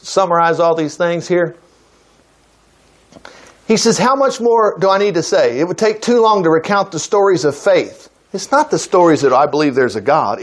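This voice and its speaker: A male preacher delivers a sermon in a conversational, emphatic manner. His voice sits high and swings widely in pitch. He leaps upward suddenly when he stresses a point.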